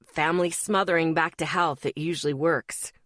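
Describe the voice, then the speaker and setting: A woman's voice: sits low, steady tone, moderate pace, fairly bright tone, dry recording, clean studio sound. A woman voicing an easygoing young man who explains things in a breezy way in an audiobook.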